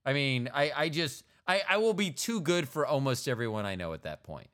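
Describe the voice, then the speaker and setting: A man's voice: mid-range voice, very animated, brisk, a bit bright. A middle-aged man hosting a podcast, rambling and joking in casual chat. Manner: rambling, jokey, playful. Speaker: podcast host.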